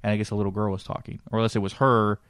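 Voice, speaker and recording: A man's voice: fairly low pitch, flat delivery, racing, fairly bright tone, clean tone, dry recording, studio quality. A man hosting a paranormal podcast in casual, blunt chat, who swears freely and keeps asking his co-host questions.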